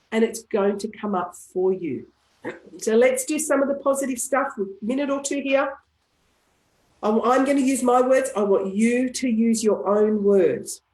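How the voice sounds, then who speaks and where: A woman who coaches emotional tapping, leading a guided session on a live call and repeating calm affirmations for listeners to say. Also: a little high. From Australia. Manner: calm, repetitive affirmations, coughs now and then. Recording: roomy echo on a live call.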